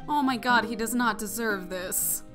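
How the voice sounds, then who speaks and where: A young woman hosting a let's play, reacting to the story in an expressive, gushing way. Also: on the high side, normal speed. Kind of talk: emotional gameplay commentary. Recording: music playing underneath.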